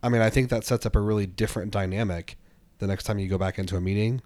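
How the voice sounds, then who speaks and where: A man's voice: on the low side, fairly even intonation, quick pace, a little mellow, dry recording. A man co-hosting a podcast, talking casually about politics with lots of "like" and "right" fillers. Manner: conversational, many fillers like "like" and "right". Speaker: podcast co-host.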